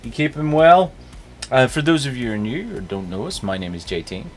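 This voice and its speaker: A man's voice: medium pitch, big pitch swings, fairly quick. A man with a Northern Irish accent hosting a live stream, chatting casually and greeting viewers by name. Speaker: streamer host.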